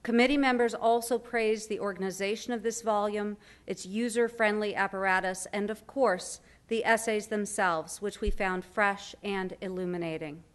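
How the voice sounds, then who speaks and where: A woman's voice: medium pitch, fairly even intonation, normal speed, few pauses. A woman presenting an award at a banquet, reading a prepared citation with brief asides. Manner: formal reading with light asides and fillers. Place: banquet hall.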